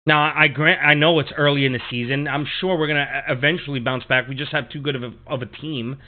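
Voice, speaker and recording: This podcast host rants heatedly through a sports monologue, swearing often and repeating himself. His voice is medium in pitch with fairly even intonation, and he talks quickly. The audio sounds tinny, like a phone.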